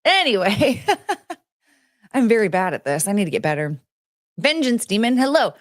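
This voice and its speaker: A woman streamer in casual chat, greeting viewers by name and rambling with giggles, fillers and restarts, jumping between high excited greetings and low mumbled asides. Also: moderate pace, no echo, studio quality. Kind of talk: casual chat reading out chat names.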